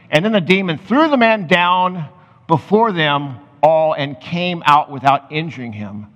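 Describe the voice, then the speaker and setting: A man's voice: on the high side, expressive, a little slow, a bit bright. Man preaching in an echoing hall. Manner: reads scripture aloud, then explains in loose, conversational asides. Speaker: pastor. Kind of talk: sermon. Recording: muffled sound with long hall reverb.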